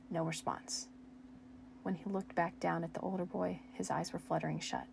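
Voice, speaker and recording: A young woman with a low, gravelly voice reads her old fan fiction aloud into a close home mic, joking at her own expense between passages. A faint hum of room noise sits behind her. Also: fairly even intonation, normal speed, a little mellow. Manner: self-mocking, laughs at her own writing. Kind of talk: casual reading aloud with chatty asides.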